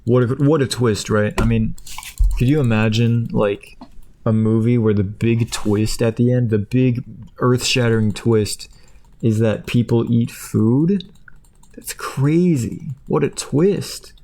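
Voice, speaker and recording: A man's voice: medium pitch, steady tone, unhurried, mellow. Rambling man retelling a story. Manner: meandering, chuckling, lots of fillers. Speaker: video creator. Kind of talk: casual rambling plot retelling.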